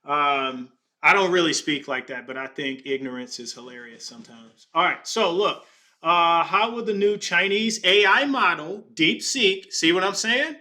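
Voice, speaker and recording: A man talks loosely to his viewers while looking over market numbers. His voice sits a little high and sounds bright and forceful. He thinks out loud, trips over words and cracks small jokes. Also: expressive, moderate pace. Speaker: podcast host. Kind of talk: casual screen-share commentary on stocks. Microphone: desk microphone.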